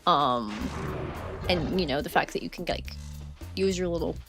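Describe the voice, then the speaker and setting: A woman's voice: low voice, expressive, moderate pace, gravelly, over music. A woman streaming a game live, chatting casually and rambling with lots of fillers, effusive toward her viewers. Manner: chatty, rambling, frequent fillers, reads chat aloud. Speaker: gaming streamer. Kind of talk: casual live-stream chat while playing.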